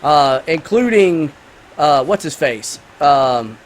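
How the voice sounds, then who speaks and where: A man's voice: on the high side, expressive, slow. A man hosting a gaming channel, giving rambling, enthusiastic let's-play commentary full of fillers while he reviews a film.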